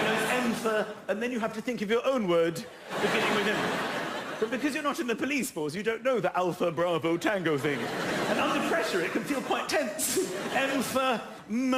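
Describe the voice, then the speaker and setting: A man performing stand-up comedy in a theatre, animated and excitable, acting out conversations in put-on voices. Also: high-pitched, heavy background noise. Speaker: stand-up comedian and show host. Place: large theatre with a live audience. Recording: roomy theatre with loud audience laughter. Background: loud audience laughter.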